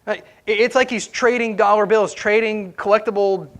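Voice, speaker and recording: A man's voice: high voice, fairly even intonation, moderate pace. A man, a pastor, preaching a conversational sermon in church and asking the congregation questions as he goes.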